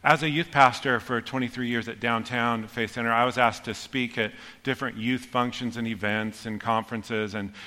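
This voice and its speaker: Middle-aged guy preaching, bright voice, big hall echo, jokey storyteller. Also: medium pitch, normal speed, few pauses. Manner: storytelling, animated, self-deprecating humor. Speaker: pastor. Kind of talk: sermon. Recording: long hall reverb.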